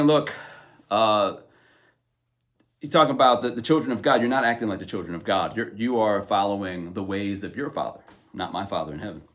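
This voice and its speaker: A man's voice: fairly low pitch, fairly bright tone. A man hosting a podcast, talking about faith in an emphatic, conversational way, with many fillers and asides. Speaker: podcast host. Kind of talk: casual faith commentary.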